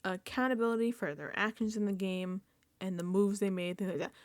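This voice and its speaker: A woman hosting a casual reality TV recap vlog, animated and emphatic, dropping into whispered asides and swearing casually. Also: mid-range voice, a little fast, no echo.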